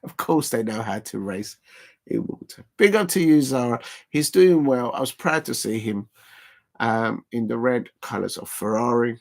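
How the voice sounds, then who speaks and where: A man's voice: mid-range voice, moderate pace, vocal fry. A man hosting a casual live stream watch-along, rambling and chuckling as he chats to viewers.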